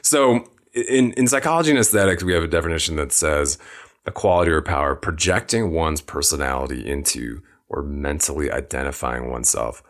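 Very deep-voiced male podcast host. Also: a little fast. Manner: conversational, reads definitions aloud, thinks out loud. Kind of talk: casual interview talk.

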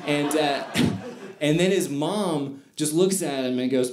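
A man's voice: medium pitch, fairly even intonation, moderate pace, darkish tone, reverberant. A man doing stand-up comedy on stage, telling stories in a loose, conversational way. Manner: conversational storytelling with fillers and asides.

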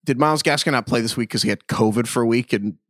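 A man's voice: medium pitch, fast, no echo. A man co-hosting a podcast in casual chat, joking and playful, full of pop-culture references, on a studio microphone. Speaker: podcast co-host.

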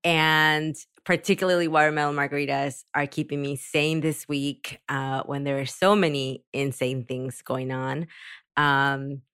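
A woman's voice: sits low, fairly even intonation, a little slow, fairly bright tone, clear, resonant tone, dry recording, clean studio sound. A woman co-hosting a podcast, chatting casually and explaining things step by step. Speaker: podcast co-host. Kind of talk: casual chat.

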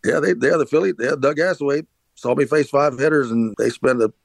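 A man's voice: medium pitch, fast, gravelly, dry recording. A middle-aged man hosting a podcast, telling a long story casually, with frequent restarts and filler words. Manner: rambling, many restarts and "uh"s. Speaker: podcast host, former pitcher.

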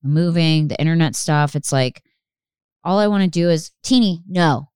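A woman with a low, smooth voice hosts her podcast in loose, rambling chat. She swears freely and fills her sentences with "like." The sound is dry and close, with no room around it. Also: normal speed, a little mellow, no room sound. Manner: rambling, frequent swearing, many "like" fillers. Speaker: podcast host. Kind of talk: casual chat.

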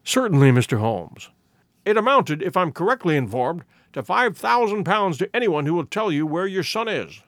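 A man's voice: sits high, very animated, moderate pace, a bit bright, no room sound, studio quality, full character voice. A man voicing a stern, stately nobleman who talks with proud, impatient dignity in a storybook reading.

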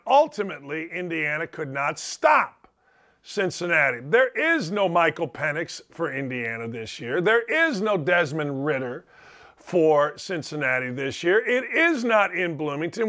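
A man with a high voice hosts a sports talk show from his home basement, ranting about games in a jokey, theatrical way. He leans hard on words for emphasis and plays up his bets. He sounds middle-aged and at ease behind the mic. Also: bright, forceful tone. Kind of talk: animated sports talk monologue.

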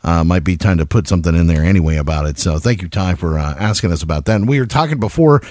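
A man co-hosting a podcast in casual chat, animated and rambling, laughing often. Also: low-pitched, fast talker, no echo, clean studio sound. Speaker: podcast co-host.

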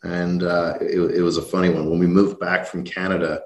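A man from Ireland with a deep voice and a faint Irish accent, chatting as an interview guest. He is easygoing and friendly and often restarts his sentences with "uh." His voice is heard in a roomy space with some echo. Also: level tone, fairly quick. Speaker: company CEO, guest. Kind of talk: casual interview chat.

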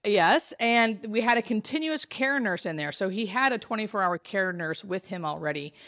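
A woman, a hospice nurse telling a story in casual chat, animated and full of fillers. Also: medium pitch, normal speed, dry recording, clean studio sound. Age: 30s.

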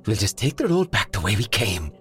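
A male narrator voicing a terrified young man with a squeaky, breathy voice, pleading and whimpering. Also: sing-song, fairly quick, fairly bright tone, faint music behind. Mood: shrill panic. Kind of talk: audiobook character voice.

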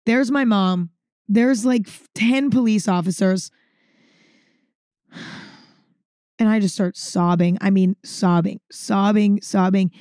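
A woman's voice: medium pitch, slow, long pauses, darkish tone, no echo, clean studio sound. A woman vlogger telling a story to camera in a casual monologue, dramatic and emphatic, repeating words for effect and swearing freely.

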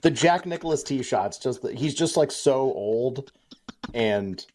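A man's voice: mid-range voice, animated, takes it slowly, a little mellow. Rambling, chatty male co-host. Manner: rambling, chatty, laughing storyteller. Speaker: podcast co-host. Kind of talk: casual sports talk.

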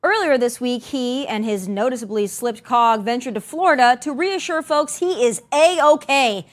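High-voiced sarcastic woman host. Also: moderate pace. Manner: sarcastic, emphatic. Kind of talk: opinion commentary.

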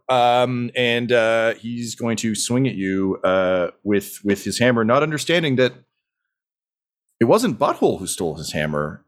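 A man's voice: mid-range voice, animated, measured pace. A man narrating as game master, in a casual, rambling way full of fillers.

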